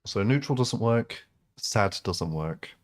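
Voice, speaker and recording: A man's voice: on the low side, animated, slow. A man casually commenting while playing a game, joking and talking himself through his choices. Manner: joking, self-amused, talks to himself. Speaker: streamer.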